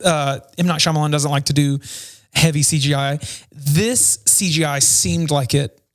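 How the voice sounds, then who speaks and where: A man's voice: fairly high pitch, steady tone, normal speed. A man in his thirties co-hosting a podcast, talking casually in a rambling, self-questioning way. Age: 30s. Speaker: podcast co-host. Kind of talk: casual chat. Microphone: headset earphones.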